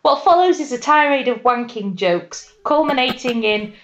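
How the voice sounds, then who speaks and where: A woman's voice: high voice, expressive, moderate pace, lo-fi sound. Giggly woman podcast co-host. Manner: joking, giggly, chatty. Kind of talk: casual chat reviewing a TV series.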